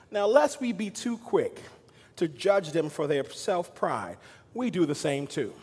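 A man preaching a sermon as pastor, swinging between loud emphatic lines and quiet, hushed asides. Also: fairly high pitch, breathy edge, big-room sound. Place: church sanctuary.

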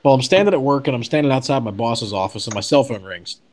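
Guy rambling through a story, lots of ums and restarts, normal pitch. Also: fast, darkish tone. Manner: chatty, many fillers and restarts. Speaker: podcast guest telling a story. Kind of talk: casual storytelling.

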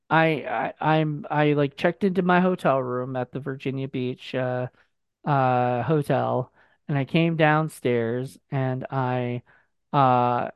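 Gravelly man telling rambling stories. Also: mid-range voice, dry recording. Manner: rambling storyteller, heavy fillers and restarts. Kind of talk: casual chat.

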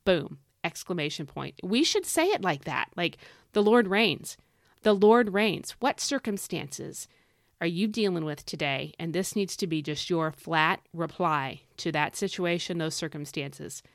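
A woman's voice: sits low, lively intonation, measured pace, vocal fry, dry recording, clean studio sound. A woman hosting a devotional podcast, reading a psalm and teaching from it in an earnest, conversational way, repeating key phrases for emphasis and speaking straight to the listener.

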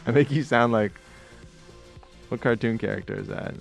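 A man's voice: medium pitch, normal speed, gravelly, soft background music. A man hosting a podcast in casual chat, bantering and joking with his co-host. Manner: joking banter, slips into mock voices.

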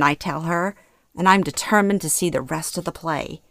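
Earnest middle-aged woman, low, dry. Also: normal speed, no echo. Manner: earnest, emotionally expressive storytelling. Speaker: memoir narrator. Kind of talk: first-person memoir reading.

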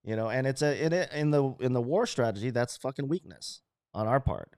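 A man's voice: mid-range voice, fairly quick, clear, resonant tone, no echo, clean studio sound. A middle-aged man in loose, profane casual conversation, often acting out quotes in other voices. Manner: animated, swears a lot, acts out quotes in other voices.

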